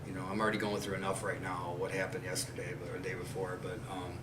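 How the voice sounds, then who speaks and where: A man's voice: sits low, monotone, fast, a crowd in the background. Blunt swearing man in a roomy space. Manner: blunt, swears a lot, loose rambling talk. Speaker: podcast host. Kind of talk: casual chat. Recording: roomy and distant with faint ambience.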